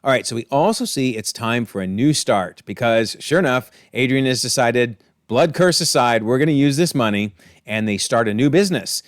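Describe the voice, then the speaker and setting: A man's voice: medium pitch, lively intonation, normal speed, dry recording, studio quality. A man hosting a casual, enthusiastic episode breakdown, chatting through scenes and quoting lines. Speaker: video essay host.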